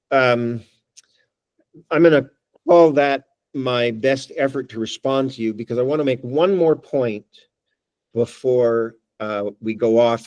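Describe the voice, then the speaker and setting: A man's voice: mid-range voice, a little mellow, dry recording. A man giving a talk at a working group meeting, thinking aloud with wry asides and frequent restarts. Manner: thoughtful, wry, restarts phrases. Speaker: guest speaker. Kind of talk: presentation with discussion.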